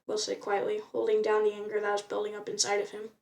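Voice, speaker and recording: A woman's voice: mid-range voice, completely flat delivery, quick pace, gravelly, darkish tone, recorded from a distance. A woman reading a novel aloud in an unpolished way, often stumbling and restarting words. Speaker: reader.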